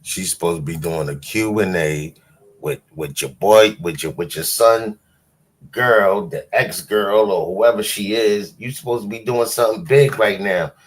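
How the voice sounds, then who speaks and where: A man with a lowish, slightly slow voice hosts a livestream, offering loose, casual commentary that's dismissive and mocking.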